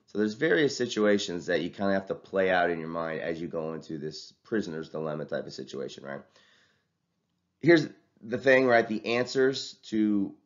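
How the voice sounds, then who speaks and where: Man, teacher, casual lecture, very deep voice, conversational, muffled lo-fi recording. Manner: conversational, ends points with "right?". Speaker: college teacher and wrestling coach. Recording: dull lo-fi recording.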